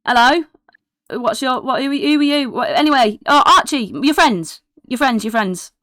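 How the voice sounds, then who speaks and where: A woman voicing an excitable, chatty young boy who jumps from topic to topic. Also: high-pitched, no echo, pitched above the performer's own voice. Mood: scattered. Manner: breathless rapid chatter, jumps between topics.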